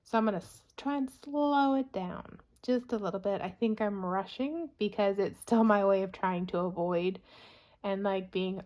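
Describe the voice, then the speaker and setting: A young woman with a mid-range voice talks through her expenses in a casual vlog. She runs through the figures quickly and keeps reassuring herself along the way. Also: medium pitch, darkish tone. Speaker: budgeting vlogger. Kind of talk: casual spoken budget review.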